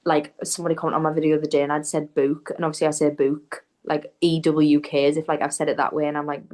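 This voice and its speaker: A woman's voice: low voice, little pitch movement, very fast, a little mellow. A young woman with a Geordie accent chatting as a podcast guest, laughing often and acting out her own quotes. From northern England. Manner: chatty, laughing, quotes herself in little scenes. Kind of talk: casual chat.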